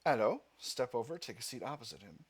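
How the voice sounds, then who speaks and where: A man at a middle pitch reads a game's story passages aloud, his voice rising and falling a lot. Between passages he thinks out loud, trailing off and restarting as he weighs his options. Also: very animated, brisk, slightly rough. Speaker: gaming channel host. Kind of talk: let's play commentary, reading game text aloud.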